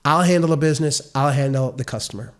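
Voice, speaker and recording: A man's voice: a little high, fast, close to an everyday voice. A man voicing a dismissive male business boss with a Southern US accent, brusque and bossy.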